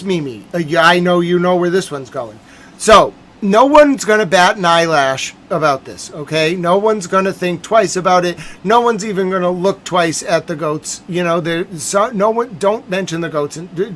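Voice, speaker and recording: A man's voice: high-pitched, slight background noise. A young man hosting a livestream, rambling through a playful, mock-boastful joking monologue. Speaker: streamer host.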